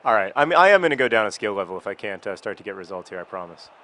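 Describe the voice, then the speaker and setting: A man's voice: on the low side, sing-song, very fast, pushed and bright. A man chatting casually about his past while playing a video game, rambling and breaking off into frustrated outbursts at the game. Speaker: video blogger.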